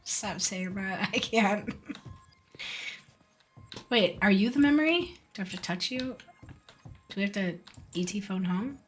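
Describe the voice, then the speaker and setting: A woman's voice: medium pitch, lively intonation, measured pace, pauses often, slight background noise. A woman streaming a game live, chatty and joking as she talks to her chat. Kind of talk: casual live game commentary.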